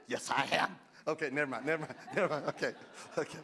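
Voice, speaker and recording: A middle-aged American man preaching a sermon as pastor, animated and joking, with sudden loud exclamations. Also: fairly high pitch, fast talker, gravelly. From United States.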